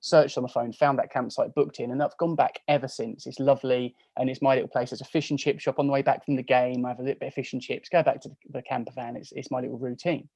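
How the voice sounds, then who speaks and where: A man's voice: medium pitch, little pitch movement, fast, gravelly, hardly any pauses, a little mellow, no room sound. A man in his forties from England, chatting as a podcast guest on a video call, telling stories in a chatty, self-mocking way. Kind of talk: casual chat.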